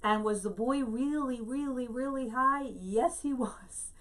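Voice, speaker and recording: A woman giving a Bible teaching, explaining Hebrew words slowly and telling a story to make her point. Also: sits high, distant mic.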